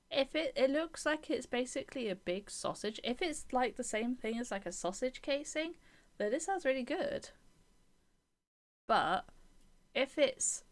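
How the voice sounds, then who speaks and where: A woman streams a game, reading its text aloud and chatting with viewers between passages. She talks in an opinionated, chatty way, slipping into soft whispered asides and little giggles. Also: mid-range voice.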